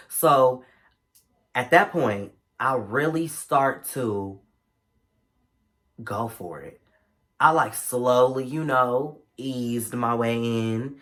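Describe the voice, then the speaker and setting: A young man vlogger telling a casual storytime in a chatty, slangy, animated way. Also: medium pitch, takes it slowly, pauses often.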